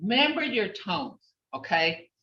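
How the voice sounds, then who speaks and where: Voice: mid-range voice, very animated, measured pace, pushed and bright, recorded from a distance. A language teacher leading an online class, patiently repeating phrases to model their tone. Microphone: video call. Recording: roomy, dull video-call audio.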